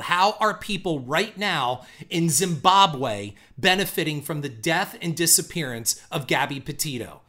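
A man's voice: a little high, animated, normal speed, hardly any pauses, bright, forceful tone. A man giving a ranting, profane commentary, sarcastic and scornful, hammering his points with repetition. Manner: emphatic, punchy repetition.

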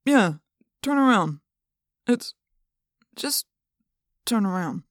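A woman voicing a sleepy, cranky middle-aged father who talks gruff and groggy, in a storybook reading. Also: medium pitch, expressive, slow, no room sound, clean studio sound.

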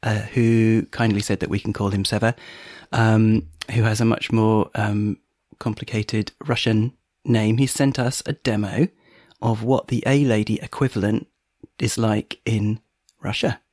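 A man's voice: on the low side, steady tone, a little slow, darkish tone, dry recording, studio quality. A man hosting a podcast in casual chat, laughing often and filling gaps with ums. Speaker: podcast host.

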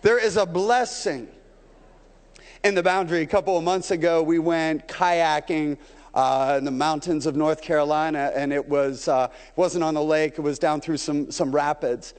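A man's voice: on the high side, steady tone, moderate pace, a little mellow. A man pastor preaching a sermon to his church, putting rhetorical questions to the congregation. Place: church sanctuary. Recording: long hall reverb.

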